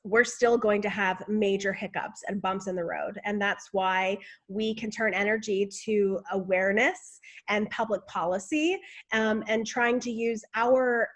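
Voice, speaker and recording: A woman guest in a casual interview, talking in an animated, expressive way about family life. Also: medium pitch, measured pace. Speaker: guest, author and speaker.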